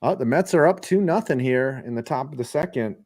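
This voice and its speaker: A young man hosting a casual stream, calling baseball play by play in an animated way and often restarting his sentences. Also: mid-range voice, fairly quick. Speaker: host calling a live game.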